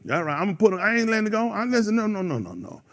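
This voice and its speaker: Animated high-pitched preaching man. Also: very fast. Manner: animated, preachy, calls out listeners by name. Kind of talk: fiery sermon to a congregation.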